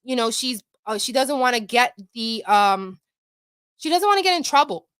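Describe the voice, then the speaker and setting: Woman host, chatty and profane, crisp and bright, fairly high voice. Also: animated, moderate pace, no room sound, clean studio sound. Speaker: commentary host. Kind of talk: casual commentary reading allegations.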